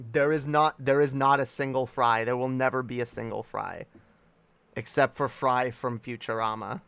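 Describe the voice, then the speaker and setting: Profane ranting man, crisp voice. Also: mid-range voice, fairly even intonation, moderate pace, dry recording. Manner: loud, profane, emphatic ranting with repetitions. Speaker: streamer. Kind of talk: comedic rant.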